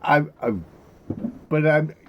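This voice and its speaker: A man's voice: a little high, steady tone, takes it slowly, lo-fi sound, a little hiss or hum. A man co-hosting a podcast in casual chat, giggling often and asking sheepish questions. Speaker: podcast co-host.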